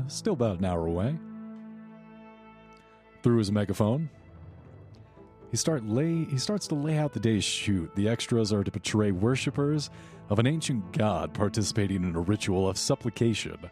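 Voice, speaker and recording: A man with a low voice narrates a tabletop game as its game master, setting scenes at an even pace. Soft music plays behind him.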